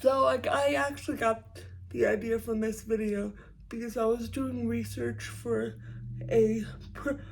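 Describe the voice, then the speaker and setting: Young woman, vlogger, hushed and congested, halting delivery with stumbles, gravelly fry at the ends of phrases. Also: a little high, steady tone, slight background noise, poor audio. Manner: speaks quietly so roommates won't hear; halting, frequent stumbles and restarts. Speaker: YouTube creator. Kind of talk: casual vlog monologue.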